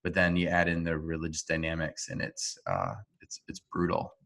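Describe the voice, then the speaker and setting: Low-voiced man, remote interview guest, earnest and halting, speaks over a video call. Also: big pitch swings, creaky, a bit bright. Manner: earnest, halting, with frequent restarts.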